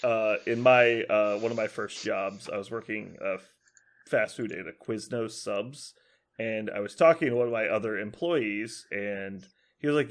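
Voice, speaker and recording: A man's voice: lowish voice, normal speed. A young man on a podcast telling stories in casual chat, swearing and laughing as he goes. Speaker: podcast host.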